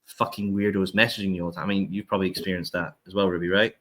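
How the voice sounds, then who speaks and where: Deep-voiced blunt, sweary man. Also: flat delivery, racing, fairly bright tone. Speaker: podcast host. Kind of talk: podcast interview.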